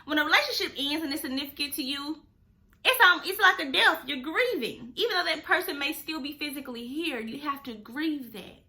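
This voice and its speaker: Podcast host: emphatic woman, high bright voice, preachy direct advice. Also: animated, a little fast. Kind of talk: casual advice talk.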